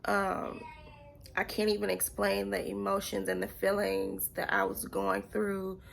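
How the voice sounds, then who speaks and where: Young woman with a gravelly fry. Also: mid-range voice. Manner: earnest, halting, repeats herself. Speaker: vlogger. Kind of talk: personal storytime.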